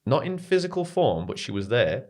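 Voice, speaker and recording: A young man, a podcast guest telling a personal story in a casual, animated way, peppered with "mate" and swearing. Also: mid-range voice, moderate pace.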